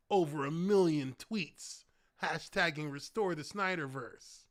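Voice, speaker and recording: A man in his thirties giving casual live-stream commentary, excitable and hyped, laughing often. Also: a little high, measured pace.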